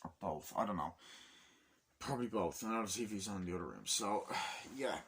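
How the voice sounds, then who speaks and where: Male home film reviewer, lowish voice with a bright edge, rambling, excitable, swears freely. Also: fairly quick, slight background noise. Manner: rambling, enthusiastic, swears casually. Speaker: movie reviewer. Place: room at home with window open.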